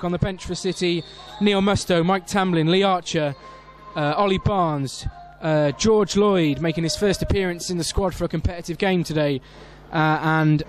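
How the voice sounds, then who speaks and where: Male club radio commentator with a high voice, lots of hesitations, loud at big chances. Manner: reads team sheets with many fillers, rises sharply at big moments. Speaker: football match commentator. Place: outdoor football stadium.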